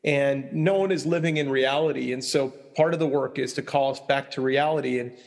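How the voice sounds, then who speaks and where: A man's voice: medium pitch, fairly even intonation, a little fast. Reflective man with a roomy echo. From Long Island, New York. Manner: thoughtful, reflective, many restarts and "right?". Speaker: church consultant and speaker. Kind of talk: casual conversation.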